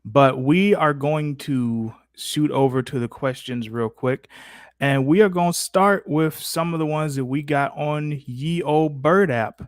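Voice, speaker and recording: A man hosting a live stream Q&A, reading questions from chat in a relaxed, joking way. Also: on the high side, a little slow, no room sound, clean studio sound. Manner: laid-back, joking, reads out chat. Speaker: host.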